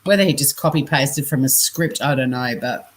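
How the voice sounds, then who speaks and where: A woman's voice: rumbling low, normal speed, slight background noise. An Australian woman hosting a casual livestream, reading scam messages and chat aloud, chatty, laughing often and swearing freely. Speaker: scambaiting livestream host.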